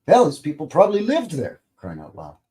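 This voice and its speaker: A man's voice: on the high side, wildly swooping pitch, a little fast, warm tone. A man hosting a live stream in a casual, rambling way, greeting viewers and reading their comments aloud with light jokes. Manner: jokey and informal, swears lightly. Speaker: livestream host.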